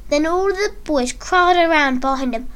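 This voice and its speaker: A woman reading a first-person story aloud in an earnest, expressive way. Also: high voice, moderate pace. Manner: earnest, expressive read-aloud with acted quotes.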